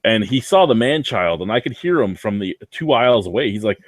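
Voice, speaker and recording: A man's voice: on the low side, expressive, a little fast, no room sound. A man guesting on a casual chat, telling stories in a dry, self-deprecating, sweary way from a basement. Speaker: guest reviewer.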